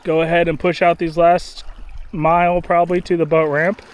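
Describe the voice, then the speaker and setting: A man's voice: on the high side, level tone, normal speed, clean tone. A man narrating a casual travel vlog outdoors from a kayak, upbeat and rambling, with lots of "uh" fillers. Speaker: vlogger on a kayak trip.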